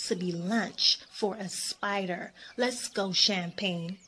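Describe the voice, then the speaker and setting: A woman's voice: mid-range voice, fairly even intonation, takes it slowly, a little hiss or hum. A woman doing a bossy, snippy girl mosquito. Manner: snippy, shouting with attitude. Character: bossy mean young female mosquito.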